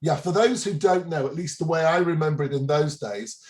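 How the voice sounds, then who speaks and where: A man in his fifties, a guest on a talk show, telling a story in a relaxed, chuckling way with frequent restarts. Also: fairly high pitch, brisk. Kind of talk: casual interview anecdote.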